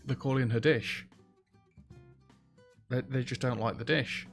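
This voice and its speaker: A man giving casual, chatty commentary as he plays a restaurant sim, reacting loudly to what happens in the game. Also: medium pitch, fairly even intonation, measured pace, vocal fry. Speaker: let's play host. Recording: faint background music.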